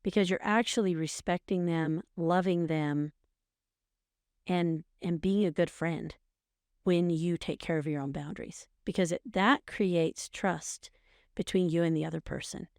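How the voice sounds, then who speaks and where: A woman's voice: lowish voice, fairly even intonation, measured pace, darkish tone, dry recording, clean studio sound. Earnest middle-aged woman giving advice. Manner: earnest, coaching, repeats phrases for emphasis. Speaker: podcast co-host, mother. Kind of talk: casual advice chat.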